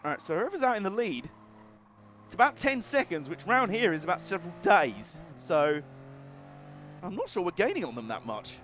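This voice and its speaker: A man giving live racing gameplay commentary, excitable and jokey, laughing often and swearing now and then. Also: sits high, normal speed, faint music behind. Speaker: game streamer.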